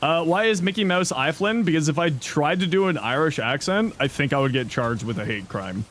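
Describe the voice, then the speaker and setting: A man's voice: a little high, animated, a little fast, fairly bright tone, a little hiss or hum. A man in his thirties casually chatting on a game stream, answering chat with loose jokes and mild swearing. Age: 30s.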